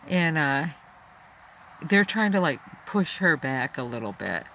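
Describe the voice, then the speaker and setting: A man recounts a personal memory in slow, unhurried phrases, pausing often and restarting his sentences. His tone is bright and forceful despite the halting delivery. A faint hum of noise sits under the voice. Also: on the high side, big pitch swings. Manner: halting, full of fillers and restarts, drifts into quoted voices. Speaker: storyteller. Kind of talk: personal story told unscripted.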